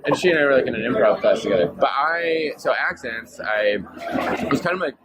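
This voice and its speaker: A man's voice: medium pitch, animated, very noisy. A young man from Texas, an audiobook narrator, chatting casually as an interview guest in a playful, jokey way. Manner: playful, jokey, quick to slip into silly voices.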